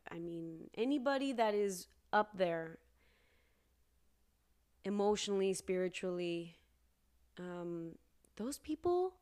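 A young woman hosting her own podcast, talking earnestly and casually, with sudden high emphatic bursts. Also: a little mellow. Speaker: podcast host. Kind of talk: casual solo podcast talk.

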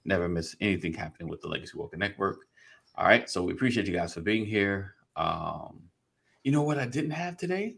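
A man hosts a podcast conversation in a low, gravelly voice. He keeps things loose with the guests, laughs easily, and reads out the closing plugs. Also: brisk. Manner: laughing, relaxed banter with sign-off plugs. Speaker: podcast host. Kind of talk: casual podcast chat.

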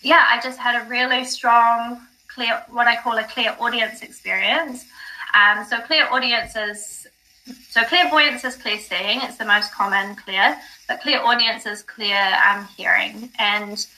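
A woman guest on a podcast, telling a personal story in casual chat, animated, with many fillers and the odd swear. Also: a little high, a little slow, low-quality recording. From not from the UK. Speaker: psychic guest.

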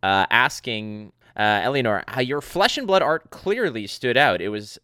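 A man's voice: medium pitch, very animated, normal speed, pushed and bright, smooth, dry recording, clean studio sound. A man hosting a podcast, talking upbeat and enthusiastic in casual chat. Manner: upbeat, enthusiastic, keeps saying "friends". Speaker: podcast host.

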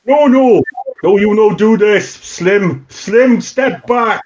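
Man doing a frantic innkeeper, broken English, high shouting, lo-fi. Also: slow. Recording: dull lo-fi recording.

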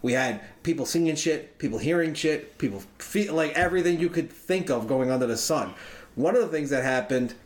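Brisk and lively in intonation, this man's fairly high-pitched voice carries a rambling tale told casually among friends. As a podcast co-host, he curses loosely and stays chatty throughout, with noticeable room echo on the recording.

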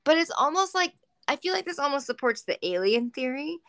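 A woman's voice: sits high, very animated, brisk, a bit bright, no room sound. A woman co-hosting a podcast, chatting casually and animatedly with lots of giggles, fillers and swearing. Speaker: podcast co-host. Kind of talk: casual chat.

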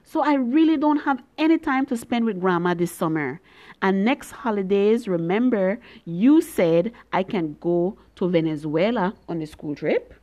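A woman's voice: medium pitch, darkish tone, dull audio. A woman reading a story in a young girl's voice, full of earnest, pleading questions to her mother. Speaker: reader.

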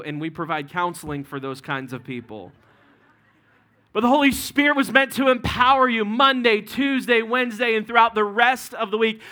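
High, bright-voiced pastor preaching. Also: male voice. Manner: joking asides to the congregation, dropping to quiet side comments. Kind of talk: sermon. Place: church sanctuary.

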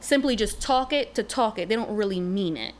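Woman co-host, animated storyteller, plays out dialogue; faint hiss. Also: medium pitch, brisk. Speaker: podcast co-host. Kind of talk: casual chat.

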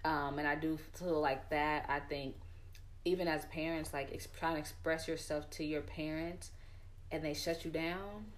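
A woman's voice: low voice, fairly even intonation, normal speed. Candid woman telling her story. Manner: candid, storytelling, frequent fillers like "like" and "bro". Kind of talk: casual chat.

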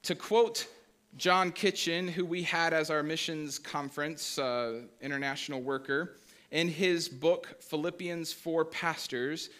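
Pastor, male, fairly high bright voice, chatty sermon delivery, reads scripture aloud. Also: unhurried. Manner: conversational, asks the congregation questions.

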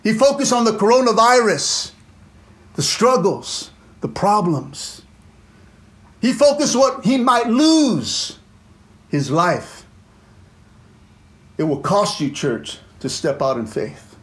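Preaching fervently, this pastor keeps saying "amen" and "come on," moving from loud outbursts to quiet, low asides. He is very animated but speaks slowly, pausing often.

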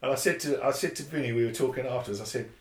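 A man, a bass player telling a story in a casual interview, animated and swearing freely, acting out the voices of others. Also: rapid-fire. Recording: roomy echo.

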